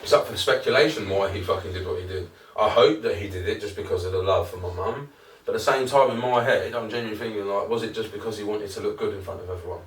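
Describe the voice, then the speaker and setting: A man's voice: lowish voice, fast talker. A man co-hosting a podcast, telling rambling, sweary stories in casual chat and laughing often. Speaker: podcast co-host. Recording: roomy, distant mic with faint noise.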